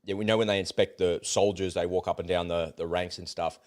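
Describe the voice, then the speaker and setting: A man's voice: sits low, steady tone, brisk, a little mellow. A man co-hosting a casual political chat, blunt and exasperated, swearing as he rants. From Australia. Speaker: co-host.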